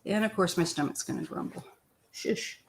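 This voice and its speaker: Older lady from missouri doing a live tarot stream, rambly and chatty, keeps clearing her throat. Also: on the low side, moderate pace, a little hiss or hum. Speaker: tarot reader.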